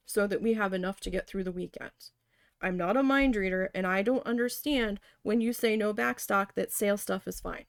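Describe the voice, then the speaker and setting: A painting livestreamer with a mid-range voice casually tells a story about her job as she paints, animatedly acting out what her boss said and her own panic. The recording is dry and studio quality.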